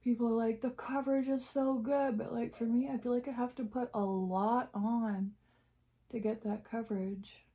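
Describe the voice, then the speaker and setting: A woman vlogger chatting candidly while doing her makeup, jumping up in pitch at times and dropping into half-whispered asides. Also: level tone, moderate pace, creaky, mellow.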